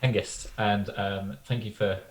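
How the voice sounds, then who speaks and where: A man's voice: on the low side, fairly even intonation, a little slow. A man playing a tabletop role-playing game, speaking in a dry, polite way. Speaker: player.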